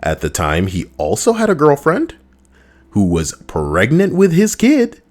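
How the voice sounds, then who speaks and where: A man's voice: a little high, wildly swooping pitch, unhurried, soft background music. A man giving crude, mocking comedic reactions to stories he reads out, ranting as he goes. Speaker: online commentator.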